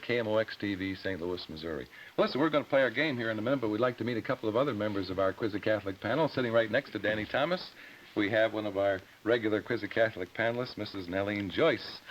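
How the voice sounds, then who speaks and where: A man hosting a television panel show, making brisk, friendly introductions. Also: fairly low pitch. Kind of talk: broadcast hosting. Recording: dull 1961 TV broadcast with hiss.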